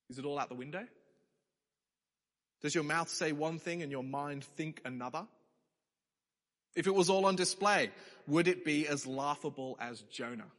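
A young man preaching a sermon in a lively, conversational way. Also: fairly high pitch. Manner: lively, conversational preaching with sudden emphatic rises. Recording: long hall reverb.

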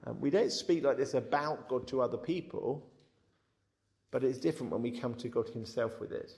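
A man giving a conversational Bible teaching, frank and lively, often repeating his words as he talks. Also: mid-range voice, moderate pace, vocal fry. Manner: frank, animated, repeats words, acts out quotes.

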